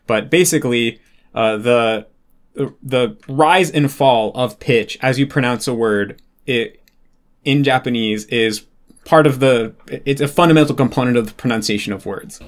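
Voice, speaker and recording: A man's voice: mid-range voice, moderate pace. Man explaining casually with restarts. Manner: explains with examples, frequent restarts and fillers.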